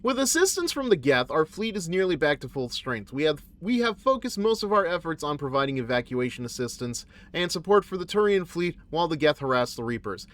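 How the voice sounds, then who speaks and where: A man's voice: a little high, sing-song, fairly quick, hardly any pauses, a bit bright. Man reading as a formal alien admiral with a put-on accent. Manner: reads a message aloud in a stately tone.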